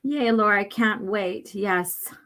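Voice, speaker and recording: Woman host, casual livestream chat, rambling, throat clearing. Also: mid-range voice, slow, fairly bright tone. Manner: rambling, lots of fillers. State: irritated throat, clearing it often. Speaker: host reading a comic aloud.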